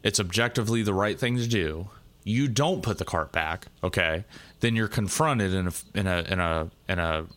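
His voice sits low with a slight brightness as he co-hosts a relaxed conversation. Earnest and halting, he keeps restarting his sentences and repeating himself.

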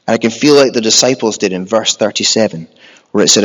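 A man's voice: on the low side, fast. A man preaching a sermon in an earnest, conversational way, sometimes acting out the frightened cries of the people in the story. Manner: earnest, conversational, acts out the disciples' panicked cries. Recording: echoey hall, dull lo-fi sound.

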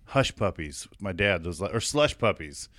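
A man's voice: deep voice, big pitch swings, moderate pace, a bit bright, no echo. A man in his thirties from California, hosting a casual comedy chat in a studio, rambling, swearing and laughing often. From Fresno, California. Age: 30s. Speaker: podcast host.

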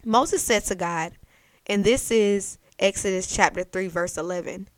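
A young adult woman hosting a faith podcast, telling a Bible story in a lively, chatty way. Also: medium pitch, measured pace, no room sound. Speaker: podcast host. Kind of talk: faith-based podcast talk.

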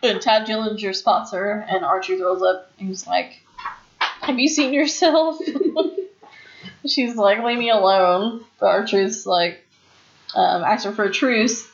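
A woman's voice: medium pitch, fairly even intonation, slow pace, vocal fry. A woman co-hosting a casual chat, recapping wrestling and acting out quotes with frequent laughs. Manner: chatty, laughs often, acts out quotes. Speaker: podcast co-host. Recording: dull lo-fi sound.

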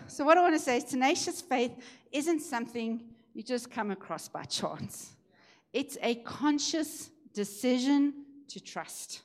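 A woman delivers a sermon testimony. She tells the story in a lively, conversational way. At the key moments she rises and turns emphatic. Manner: lively storytelling, rising and emphatic at high points. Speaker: preacher sharing a testimony.

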